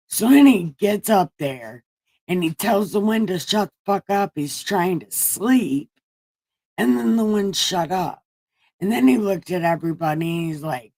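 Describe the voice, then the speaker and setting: A woman's voice: on the low side, animated, a little slow, a little mellow, no echo. A woman reading scripture aloud with crude, joking asides, an irreverent comedic reading. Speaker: comedy Bible reader.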